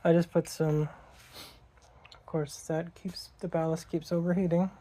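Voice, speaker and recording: A woman's voice: on the low side, level tone, measured pace, dark tone. A woman working on her car in a garage, talking to herself and swearing in casual vlog narration. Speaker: car vlogger. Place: garage, indoors.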